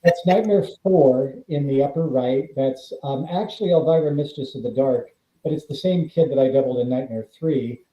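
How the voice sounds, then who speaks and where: This guest, a Californian actor-author, speaks at a moderate pace with medium pitch during a laid-back interview. Animated in his storytelling, he acts out quoted voices, heard through dull, roomy remote audio.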